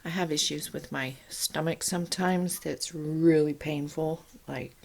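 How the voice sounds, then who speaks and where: Low-voiced, slow-talking woman canning at home. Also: steady tone, vocal fry, a little mellow, a little hiss or hum. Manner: chatty and rambling, with asides. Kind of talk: casual kitchen demonstration. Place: home kitchen.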